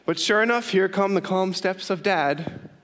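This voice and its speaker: A young man, a youth pastor, preaching a sermon and telling stories with lively emphasis and frequent laughs. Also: high voice, moderate pace. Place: church hall with long reverb. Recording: reverberant church hall.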